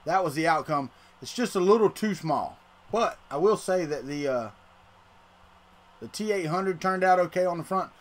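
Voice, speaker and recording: A middle-aged man, hosting a casual livestream and rambling to his chat while he tinkers. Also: a little high. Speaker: livestream host.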